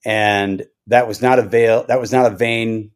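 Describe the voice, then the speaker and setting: A man's voice: fairly low pitch, fairly even intonation, a little slow, clear, resonant tone. A middle-aged man speaks on a podcast as a church elder. His delivery is earnest and emphatic, and he often circles back and repeats phrases as he tells the story. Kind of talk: podcast conversation, personal story.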